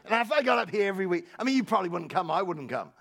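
A male pastor preaching a passionate sermon at a church service, stumbling over repeated words, breaking into laughter and rising to shouts. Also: sits high, big pitch swings, very fast, creaky, slightly rough.

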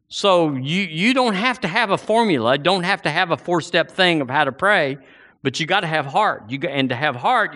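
A man's voice: fairly high pitch, sharp tone. A man preaching a sermon with passion, rising into fervent outbursts.

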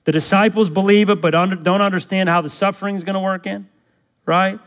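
A man preaching a sermon in an emphatic, pressing way. He keeps asking his listeners to fill in the blanks and repeats himself to drive his points home. His voice sits a little high for a man. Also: steady tone, quick pace, fairly bright tone. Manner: asks the congregation fill-in-the-blank questions. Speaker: pastor.

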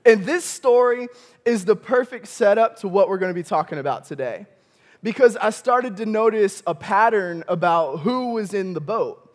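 A young male campus pastor from Michigan, preaching a sermon with animated storytelling, often chuckling and calling out to the congregation. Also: high voice, moderate pace. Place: church auditorium.

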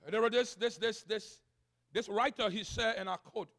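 Male pastor, sermon delivery, high-pitched, alternates shouted proclamations with soft repetition. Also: unhurried, long pauses. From Liberia. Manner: swings between loud proclaiming and quiet asides, repeating phrases.

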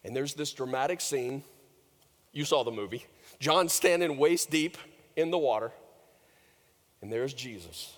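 A man preaching a sermon, telling the story with big swings from loud, lifted lines to hushed, low ones. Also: unhurried, pauses often, in a large hall. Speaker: pastor.

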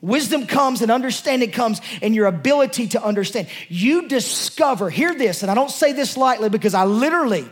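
A man's voice: extremely high pitch, expressive, a little fast, few pauses. A male pastor preaching a sermon to his congregation, passionate and emotional, talking in a loose, conversational way with many restarts. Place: church service before a congregation.

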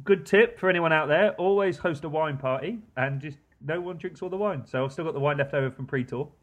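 A man's voice: fairly high pitch, brisk. A man hosting a casual podcast among friends, joking, swearing and laughing often. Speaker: podcast host. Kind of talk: casual pub-style chat among friends.

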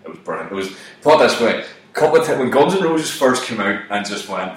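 A man's voice: on the low side, brisk. Swearing storyteller man in an echoey room. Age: 30s. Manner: swears constantly, animated, voice jumps up for quoted shouts. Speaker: comedian. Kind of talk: profane comic storytelling. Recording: very echoey room, mic at a distance.

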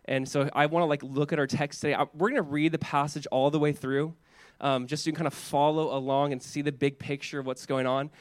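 A man preaching a sermon as pastor, animated and conversational, with chatty asides to the congregation. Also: a little high, brisk, clear, resonant tone, no echo.

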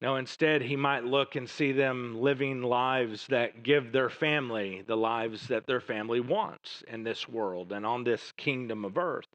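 A man preaching a sermon, moving between raised emphatic lines and hushed, low passages. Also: unhurried, few pauses, lo-fi sound. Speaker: pastor.

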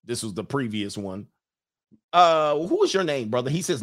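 A man's voice: medium pitch, lively intonation, a little fast. Male stream host, SoCal guy, loose and jokey, riffing on viewer comments. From Southern California. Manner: loose, jokey, talks back to chat messages. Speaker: livestream host reading chat. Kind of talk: casual chat.

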